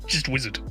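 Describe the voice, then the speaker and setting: Giggly cohost, super bouncy pitch, rambles and laughs. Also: bright, forceful tone. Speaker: co-host. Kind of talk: casual comedic chat reacting to posts.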